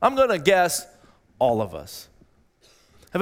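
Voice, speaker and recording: Pastor guy preaching, kinda high voice for a man, repeats himself, big echoey church hall. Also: expressive, moderate pace, fairly bright tone. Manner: earnest, repeats phrases, rises in pitch when voicing pleas. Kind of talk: sermon. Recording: long reverb in a large hall.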